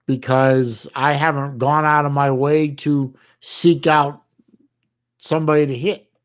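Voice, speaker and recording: A middle-aged American man hosts a livestream, reading his chat and talking casually with viewers. His mid-range voice halts often, restarting sentences and peppered with folksy slang.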